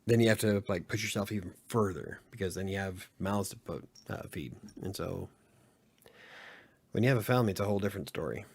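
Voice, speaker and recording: A man's voice: low voice, brisk, vocal fry, darkish tone, a little hiss or hum. A middle-aged man from Utah, hosting a casual late-night podcast chat, talking candidly and rambling with plenty of swearing and filler words. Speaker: podcast host.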